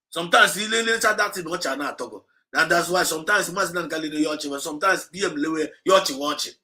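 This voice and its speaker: A man with an Igbo accent preaches on a livestream in a forceful, bright voice that sits a little high. He exhorts and repeats himself, moving back and forth between English and Igbo. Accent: Nigerian Igbo. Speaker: movement speaker.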